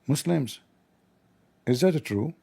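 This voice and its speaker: A man hosting a livestream, talking in a sarcastic, mocking comedic monologue with a gravelly voice. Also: mid-range voice, expressive, takes it slowly, warm tone. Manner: sarcastic, mocking, acts out dialogues. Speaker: livestream host.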